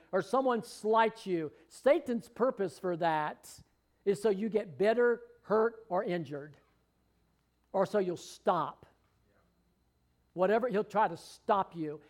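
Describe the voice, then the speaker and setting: A man's voice: high voice, darkish tone. A man preaching a sermon to a congregation, fervent and rising to emphatic readings of scripture. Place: church hall with congregation.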